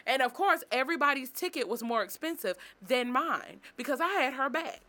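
A young woman telling stories in a brash, profane, animated vlog. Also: high-pitched, a little fast. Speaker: vlogger. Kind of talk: casual storytelling monologue.

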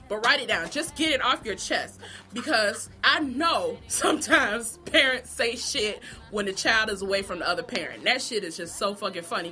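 A woman vlogger delivering an animated, profane comedic gossip rant straight to her viewers. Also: a little high.

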